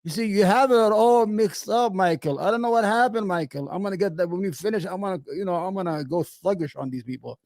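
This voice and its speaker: A man's voice: sits high, fairly quick, hardly any pauses, no echo. Fired-up New man, dry close sound. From New York. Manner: animated, sarcastic, frequent restarts and stammers. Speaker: commentary host reacting to clips. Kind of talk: heated opinion commentary.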